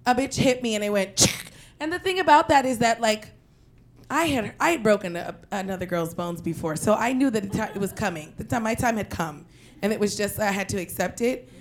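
A young woman from Queens telling a personal story in an animated, profane way, breaking into loud shouted quotes. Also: mid-range voice, a little fast. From Queens, New York.

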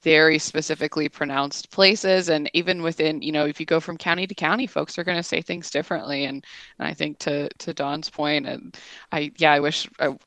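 Gravelly-voiced woman reporter, dry sound. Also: deep voice, steady tone, fairly quick, fairly bright tone, no echo. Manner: chatty, with "um" and "you know" fillers. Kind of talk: radio news discussion.

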